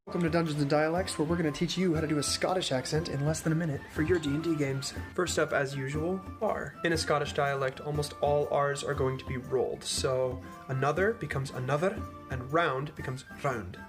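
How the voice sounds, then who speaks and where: A man with a slightly high voice walks through a short tutorial in a measured, explanatory way. He slips in dry jokes as he goes. Music plays clearly behind him. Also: steady tone. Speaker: accent tutorial presenter. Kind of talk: instructional comedy tutorial.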